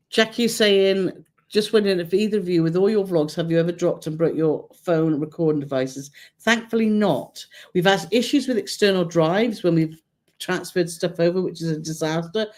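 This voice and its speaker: A woman's voice: on the low side, a little mellow. Chatty British woman hosting a live chat. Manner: chatty, laughs often, reads out viewer comments. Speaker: co-host of a travel channel live stream. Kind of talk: casual live-stream chat.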